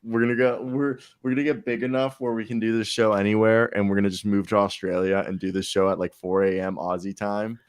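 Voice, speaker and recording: A man's voice: fairly low pitch, little pitch movement, fast talker, hardly any pauses, clean tone, no room sound, studio quality. A young man co-hosting a podcast, joking around in crude, profane, casual banter. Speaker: podcast co-host.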